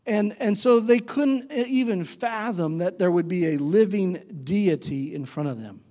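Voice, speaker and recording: In a reverberant hall, a pastor delivers a sermon in a dark, unhurried voice with lively intonation. He talks conversationally, puts questions to the congregation, and acts out quoted voices by shifting his pitch.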